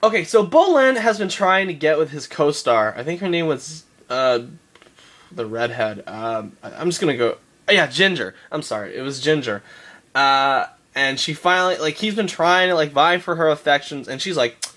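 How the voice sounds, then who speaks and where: Animated man ranting through a show recap. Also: on the high side, moderate pace. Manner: animated, laughing, swearing, rambling with restarts. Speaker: show reviewer. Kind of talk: casual episode recap.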